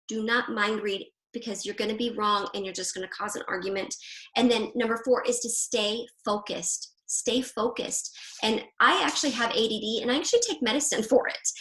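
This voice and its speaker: A woman hosting a women's group on a video call, talking in a casual, animated way and laughing easily. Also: medium pitch. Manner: chatty, animated, quick to laugh. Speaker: Christian marriage coach hosting a women's group. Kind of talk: casual live online coaching talk. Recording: roomy echo.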